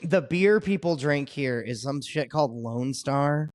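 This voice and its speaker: Male comedian guest, slightly high voice, profane and quick to laugh, casual storytelling. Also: expressive, dry recording, studio quality. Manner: laughs often, swears freely.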